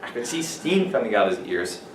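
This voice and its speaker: Distant teacher explaining words in an echoey classroom. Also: male voice, on the low side, sing-song, fairly quick, noisy background. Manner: explains words with examples, asks students questions. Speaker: English teacher. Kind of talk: classroom vocabulary lesson. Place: classroom with students.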